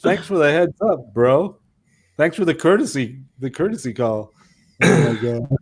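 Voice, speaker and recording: A man in his fifties, a missionary pastor co-hosting a casual chat, telling stories in a rambling, animated way with many restarts. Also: a little high, moderate pace, husky.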